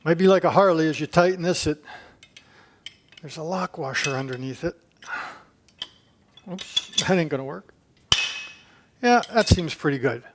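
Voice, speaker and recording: Speaking at normal speed with frequent pauses, a man with a slightly high voice shows how to do a repair in his home gym. The DIY video maker chats and talks to himself as he works, and there's slight background noise.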